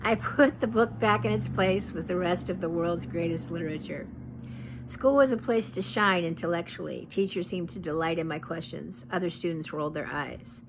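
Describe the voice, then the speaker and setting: A woman with a lowish voice reads her memoir aloud at a measured, reflective pace. A faint hiss of noise sits under the voice throughout. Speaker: author reading her memoir. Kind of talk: memoir reading.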